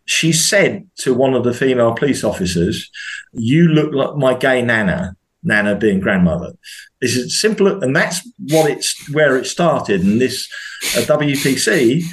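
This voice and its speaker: In casual conversation on a podcast, this British guest speaks at normal speed with a medium-pitched voice. He's animated, keeps restarting his sentences, and his voice climbs sharply in indignant questions.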